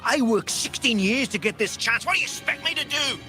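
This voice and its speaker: A high, bright, anxious politician. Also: male voice, expressive, a little fast, soft background music, exaggerated voice. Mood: defensive. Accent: put-on Scottish. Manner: defensive, pleading. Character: anxious middle-aged male politician.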